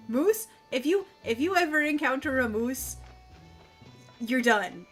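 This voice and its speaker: A woman's voice: sits high, very animated, slow, fairly bright tone, faint music behind. A woman streamer chatting casually and rambling while she plays a game, laughing often. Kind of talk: casual chat while gaming.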